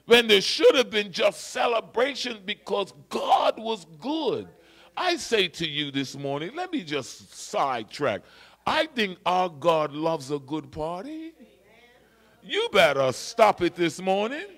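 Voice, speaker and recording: A male pastor preaching a sermon in a church, swinging between shouted declarations and low, quiet lines, and repeating key phrases for emphasis. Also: sing-song, slow. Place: church sanctuary.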